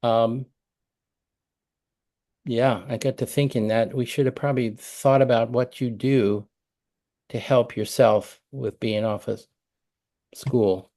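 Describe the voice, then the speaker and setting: A man's voice: mid-range voice, steady tone, takes it slowly, long pauses, mellow. A middle-aged man coaching a parent over a video call, talking conversationally and acting out example phrases.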